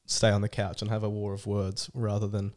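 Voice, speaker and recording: A man's voice: on the low side, completely flat delivery, brisk, darkish tone. A young man co-hosting a sports podcast, bantering in a wry, teasing way. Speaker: podcast co-host. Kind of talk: casual banter.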